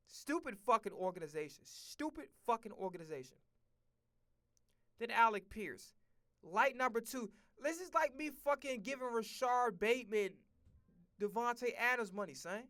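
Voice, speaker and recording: A man's voice: extremely high pitch, animated, moderate pace, bright, forceful tone. A man streaming a casual football rant, blunt and profane, full of slang and repeated phrases. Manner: profane, blunt, heated ranting.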